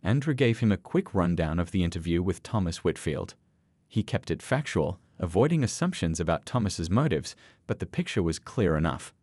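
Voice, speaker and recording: A man narrating a scripted story in a low voice. His pitch moves in lively rises and falls as he tells it. The sound is dry and close. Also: normal speed, dry recording.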